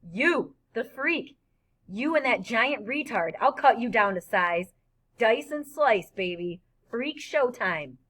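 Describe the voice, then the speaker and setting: A woman's voice: fairly high pitch, expressive, takes it slowly, a bit bright, exaggerated voice. A woman voicing a mean, swaggering teenage bully who taunts and threatens. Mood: taunting. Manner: taunting, cruel.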